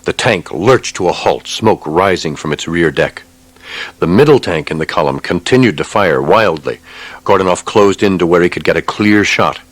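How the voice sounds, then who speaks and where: A man narrating a war novel audiobook in a measured, grave way. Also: sits low, lively intonation.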